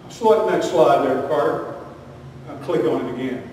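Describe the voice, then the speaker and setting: A pastor preaches with emphatic force, firing rhetorical questions and dropping from loud bursts to quiet asides. His voice sits a little high for a man. He sounds far from the mic, with a long church-hall echo around every phrase. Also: moderate pace, a little hiss or hum. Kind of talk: sermon. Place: church sanctuary. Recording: echoey hall recorded from far off.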